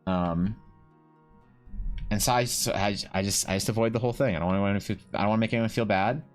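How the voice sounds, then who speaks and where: A man's voice: fairly low pitch, fairly quick, clear, resonant tone, soft background music. Rambling, profane streamer guy. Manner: rambling and profane, many restarts. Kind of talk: casual chat while drawing on stream.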